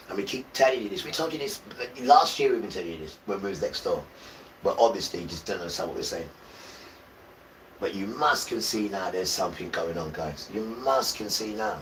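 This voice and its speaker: A man's voice: on the low side, far from the mic, slight background noise, rough recording. A man livestreaming an impassioned spiritual talk, urging his viewers directly in a preachy, urgent way. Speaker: livestream host.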